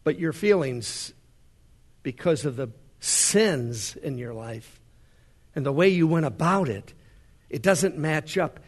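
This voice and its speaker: Man, pastor, sermon, husky voice, a bit high-pitched, hushed to fervent. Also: animated, slow. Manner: preaching with big swings between hushed and rising fervor. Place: large worship center.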